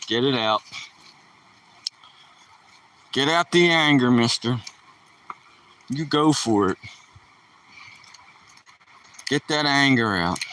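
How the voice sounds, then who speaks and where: A man's voice: a little high, sharp tone, far from the mic. A man streaming casually, joking around and talking to his dog while out on a walk.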